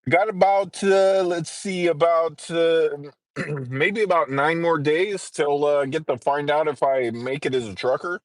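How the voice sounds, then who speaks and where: A man's voice: fairly high pitch, steady tone, measured pace, dry recording. Congested man hosting a casual morning livestream, rambling and filler-heavy, dry close sound. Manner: rambling, frequent throat-clearing and filler words. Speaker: livestreamer in trucker training.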